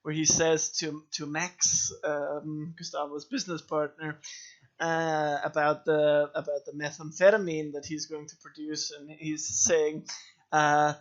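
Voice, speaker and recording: A male podcast co-host chatting casually with a notably high voice. He gets excited, swears and trips over repeated words. The sound is muffled and lo-fi. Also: measured pace. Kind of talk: casual chat.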